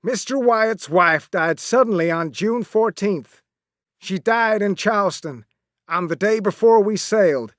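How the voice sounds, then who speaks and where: A man reading a story aloud as narrator, slow and deliberate with expressive delivery. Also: high voice, no room sound, clean studio sound.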